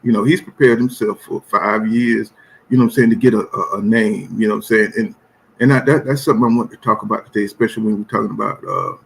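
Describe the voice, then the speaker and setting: A man's voice: on the low side, fast, creaky. A man hosting a boxing channel, talking in a loose, rambling live-stream style with constant "you know what I'm saying" filler and blunt, profane opinions. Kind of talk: casual live-stream commentary.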